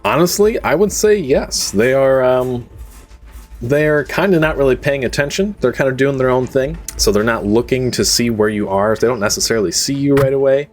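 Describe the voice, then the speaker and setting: A man's voice: medium pitch, lively intonation, normal speed. A young man running a tabletop game as game master, narrating casually at home into his own microphone, rambling with lots of "like" and "um" and laughing easily.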